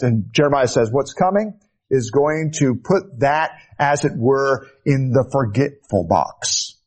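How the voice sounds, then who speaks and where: A man preaches a sermon slowly and deliberately, his husky, medium-pitched voice rising to fervent emphasis and then sinking into hushed, soft phrases.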